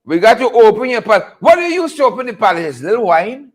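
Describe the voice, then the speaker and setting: A man hosting a livestream, animated and repetitive, laughing often and greeting viewers by name. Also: high-pitched, fast. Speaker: livestream host. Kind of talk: casual livestream commentary.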